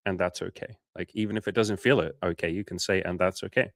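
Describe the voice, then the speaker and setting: Speaking fast in a steady tone, this livestream coach is captured in a dry recording with clean studio quality. His style is blunt and casual, with occasional swearing, and he mimics quoted lines using higher-pitched voices.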